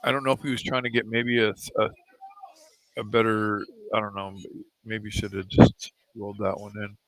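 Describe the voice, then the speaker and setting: Laid-back male pool-hall commentator: chatty, rambling, clear bright tone, dry mic. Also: fairly low pitch, little pitch movement, moderate pace. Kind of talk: casual live pool commentary.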